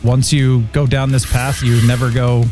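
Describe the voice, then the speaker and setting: A man hosting a casual review chat, upbeat and jokey, his pitch swinging up and down a lot. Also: flat delivery, moderate pace, darkish tone, faint music behind. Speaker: podcast host.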